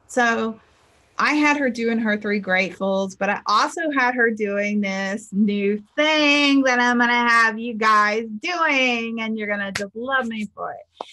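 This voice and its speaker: A middle-aged woman who works as a spiritual teacher and life coach gives a chatty motivational talk, voicing the people in her stories as she quotes them. Her voice sits on the high side, with a measured pace and a sharp tone.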